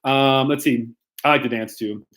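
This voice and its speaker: A man's voice: medium pitch, fairly even intonation, normal speed, fairly bright tone. A young man, a youth pastor, casually answering viewer questions in a playful, rambling way with frequent laughs and ums. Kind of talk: casual live-stream Q&A.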